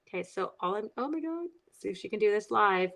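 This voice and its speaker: A woman's voice: medium pitch, animated, brisk, creaky, a bit bright, rough recording. A middle-aged woman hosting a casual crafting livestream, chatting and teasing herself while answering viewer comments.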